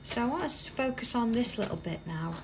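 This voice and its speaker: A British woman hosting a live craft tutorial, chatting as she works and dropping to a soft whisper while she draws. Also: on the high side, lively intonation, a little fast, noisy background. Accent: British English. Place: busy indoor craft workroom.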